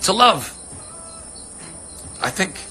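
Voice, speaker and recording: Bright-voiced man rambling on a livestream. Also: sits high, big pitch swings, extremely slow, slight background noise. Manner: rambling, earnest, swears freely. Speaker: livestream host answering fans. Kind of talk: casual livestream chat. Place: home on a ranch.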